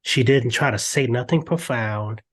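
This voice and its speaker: A man's voice: medium pitch, unhurried, husky. Earnest older man telling stories. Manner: earnest, lively storytelling with restarts. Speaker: guest. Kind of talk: candid podcast interview.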